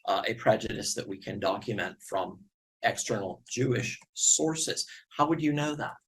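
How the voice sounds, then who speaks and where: Middle-aged guy lecturing w slides, slightly husky voice, wry and earnest. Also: mid-range voice, fairly bright tone, rough recording. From northern United States. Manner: earnest, wry, builds arguments step by step. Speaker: guest lecturer.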